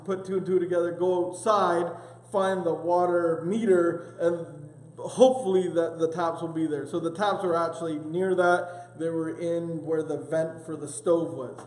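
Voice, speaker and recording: A man leads a church class in a loose, conversational way, wandering through stories with plenty of fillers and self-mockery. His voice sits somewhat high, and the echoey hall gives it a long ringing tail. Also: darkish tone. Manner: rambling, self-deprecating, many fillers. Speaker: church small-group leader. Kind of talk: casual teaching talk with personal stories. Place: church meeting room.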